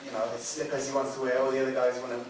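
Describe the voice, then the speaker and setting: A male film director answers questions from the floor, rambling along with plenty of ums and soft chuckles. He is picked up from well off the mic in a very echoey hall. A steady hiss runs underneath. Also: medium pitch, rapid-fire, distant mic. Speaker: film director, festival guest. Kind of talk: audience Q&A answers. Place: cinema hall.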